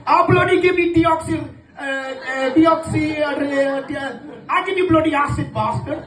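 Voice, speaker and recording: A man doing his angry dad. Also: measured pace. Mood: furious. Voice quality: shouting, high and strained. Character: angry Pakistani dad, middle-aged man, gruff. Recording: echoey venue from far off.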